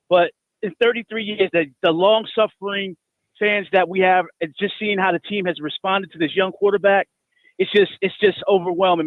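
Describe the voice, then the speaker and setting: A man's voice: high-pitched, dry recording. A man from New Jersey calling a sports radio show, heartfelt and stumbling over his words. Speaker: caller. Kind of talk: phone-in call. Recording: tinny phone line.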